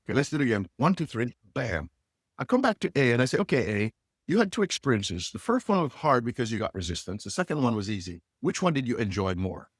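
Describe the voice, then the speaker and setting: A middle-aged man, a leadership coach, telling stories with lively inflection and acting out the dialogue. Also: medium pitch, fast, husky, dry recording, clean studio sound. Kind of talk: animated storytelling.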